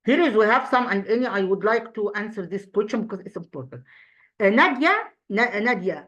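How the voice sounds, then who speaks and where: A woman's voice: medium pitch, animated, a little fast, a bit bright. Egyptian woman teacher, question-and-answer review. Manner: explains step by step, asks and answers own questions, frequent restarts. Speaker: English teacher. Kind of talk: exam review lesson.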